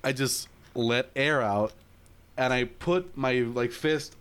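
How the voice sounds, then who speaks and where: A young man in casual chat, an animated storyteller who laughs and swears a lot. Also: medium pitch, slow, a little hiss or hum. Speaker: podcast co-host.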